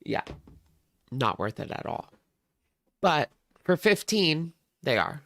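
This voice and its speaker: A man with a heavily gravelly, fry-laden voice hosts a reaction livestream, talking at an unhurried pace. He rambles and chats straight to his viewers. The sound is dry and close, with no room around it. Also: fairly high pitch, big pitch swings, a bit bright, no echo. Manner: chatty, rambling, talks to viewers. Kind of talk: casual livestream chat.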